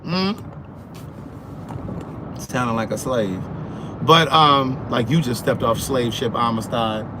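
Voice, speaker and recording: A man vlogging from his car, chatting in an animated, sassy way and answering comments, sounding sleepy. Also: medium pitch, slow pace, long pauses. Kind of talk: casual chat while driving. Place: in a car on the road. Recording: car road noise. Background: road noise.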